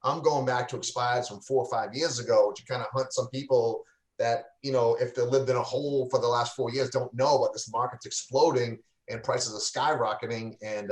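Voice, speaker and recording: A man, a real estate coach, talking casually on a livestream interview over a video call, loose and full of fillers and restarts. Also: medium pitch. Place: indoors, home in a cold city. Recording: echoey room.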